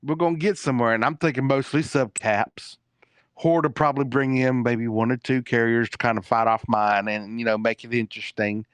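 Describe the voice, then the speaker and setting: A man tells a story as a guest on a talk show, rambling along with plenty of fillers and restarts. His voice sits at a middle pitch. The sound is close and dry. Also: steady tone, fairly quick, clean tone, no echo. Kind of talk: casual storytelling.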